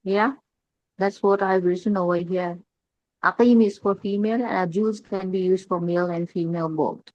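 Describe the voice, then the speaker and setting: A woman's voice: medium pitch, fairly even intonation, normal speed, darkish tone, no room sound. A woman student answering the teacher's questions from her notes, heard from off the mic. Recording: dull, dry, distant sound from off the mic.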